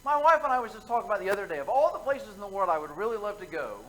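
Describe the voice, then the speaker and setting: A man's voice: high voice, animated, very fast, fairly bright tone, slight background noise, poor audio. A man preaching an evening sermon in a church, telling folksy stories with asides to the congregation. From United States. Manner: conversational storytelling, folksy asides. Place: church sanctuary.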